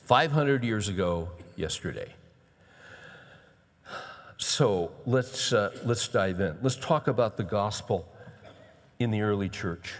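A male pastor preaching a sermon in a conversational way, building to animated emphasis. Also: on the low side, slow pace, pauses often. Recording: long reverb of a large hall.

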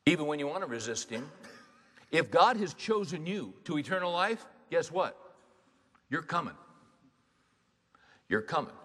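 A man with a slightly high, fairly bright voice preaches in a hall full of reverb. The pastor's sermon is emphatic and conversational, built around rhetorical questions.

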